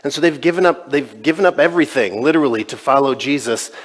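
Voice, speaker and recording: A male pastor preaches a sermon conversationally, retelling scenes and voicing the dialogue he quotes. His voice is medium-pitched and quick, with long reverb from a large church.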